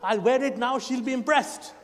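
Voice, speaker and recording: A cocky, self-assured middle-aged man who brags that he still has it, acted out by a man. He speaks high for a man, with an Indian English accent. His lines ring out on a stage mic into a hall with a long echo. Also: moderate pace, fairly bright tone. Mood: boastful. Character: boastful middle-aged man chasing his old school crush.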